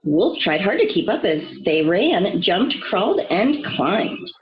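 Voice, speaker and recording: A woman reading a children's storybook aloud, expressive and storytelling. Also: medium pitch, takes it slowly, muffled recording. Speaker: reader.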